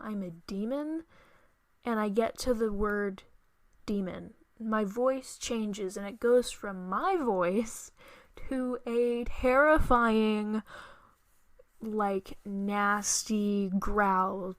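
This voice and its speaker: A young woman hosting a podcast, telling a frightening dream in an earnest, halting way with many restarts. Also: a little high, smooth, dry recording. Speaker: podcast host. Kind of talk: storytelling monologue.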